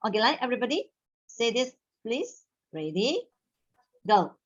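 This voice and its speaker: A woman's voice: fairly high pitch, very animated, highs cut off. A woman teaching a Mandarin class online, instructive and slipping Malay words into her English. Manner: instructive, mixes in Malay words, models tones slowly.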